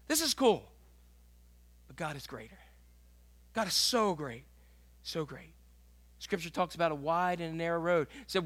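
A man's voice: a little high, animated, moderate pace, pauses often, a bit bright. A man pastor preaching an earnest, conversational sermon.

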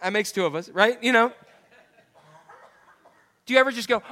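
A man's voice: extremely high pitch, expressive, fairly quick, long pauses, sharp tone. A male preacher giving a conversational sermon that quotes scripture and asks the listeners direct questions.

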